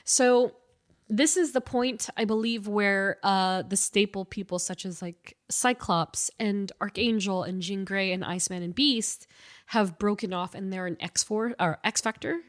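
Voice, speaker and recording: A woman's voice: mid-range voice, a little slow. A woman co-hosting a podcast in casual chat, her voice stuffy and nasal, telling a story with animation and frequent laughs. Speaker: podcast co-host.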